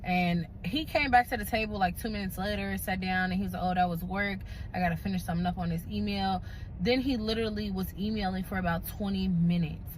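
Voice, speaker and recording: A woman tells a casual storytime in a blunt, conversational way, swearing freely. Her voice sits at a middle pitch. A faint hiss of background noise runs behind her. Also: fairly even intonation, brisk, poor audio.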